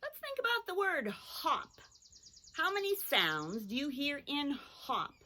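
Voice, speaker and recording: A woman teaching a children's phonics lesson, sounding out words slowly and carefully. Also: sits high, huge pitch swings, pushed and bright. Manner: slow, drawn-out sounding out of words.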